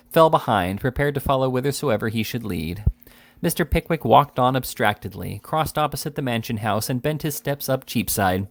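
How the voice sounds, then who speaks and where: Gravelly man reading a novel aloud. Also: medium pitch, dry recording. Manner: steady reading with small slips. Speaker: reader.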